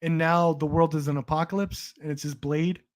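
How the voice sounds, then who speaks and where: A man's voice: a little high, fairly even intonation, a little fast. A young man hosting a casual livestream chat about movies, rambling with frequent restarts and swearing. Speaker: stream host.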